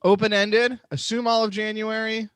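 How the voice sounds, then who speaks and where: A man hosting a comedy podcast, teasing his co-hosts with deadpan jokes in casual banter. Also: high-pitched, normal speed, smooth, dry recording. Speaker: podcast host.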